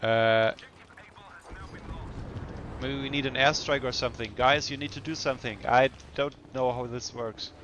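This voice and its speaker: A man's voice: medium pitch, fairly even intonation, measured pace, long pauses, fairly bright tone, highs cut off, slight background noise. A man giving casual, self-mocking commentary while playing a video game. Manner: chatty and self-mocking, often laughing to himself. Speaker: gameplay commentator. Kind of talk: casual let's-play commentary.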